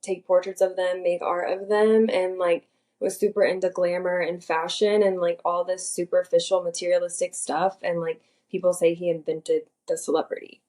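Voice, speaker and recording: A woman's voice: on the low side, little pitch movement, normal speed, darkish tone. A woman co-hosting a casual podcast with friends, chatting loosely and filling her sentences with "like". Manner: chatty, heavy on "like". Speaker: podcast co-host. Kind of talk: casual chat among friends.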